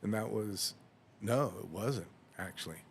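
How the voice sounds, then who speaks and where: A man's voice: fairly low pitch, a little slow, gravelly, a little hiss or hum. A man on a podcast telling a long anecdote in casual chat, acting out dialogue and laughing often. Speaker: podcast host.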